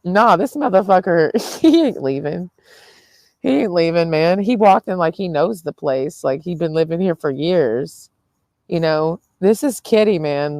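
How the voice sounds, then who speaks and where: Young woman, low voice, dry close sound; tired, headachy, rambling vlog chat full of swearing and laughs. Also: animated, unhurried, a little mellow, no room sound. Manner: chatty, swears freely, laughs often mid-sentence. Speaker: vlogger.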